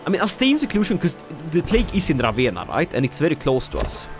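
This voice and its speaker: A man's voice: fairly high pitch, fast talker, music in the background. A man from Sweden streaming a strategy game live, joking and chatting with his viewers as he plays. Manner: animated, jokey, laughs often, talks to chat. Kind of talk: casual livestream game commentary.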